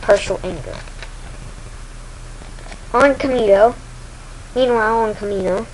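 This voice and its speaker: A woman's voice: medium pitch, steady tone, measured pace, long pauses, darkish tone, a little hiss or hum, poor audio. A woman chattily narrating a game's story. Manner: chatty, rambling recap with sound effects. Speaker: game video narrator. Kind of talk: casual retelling of a game story.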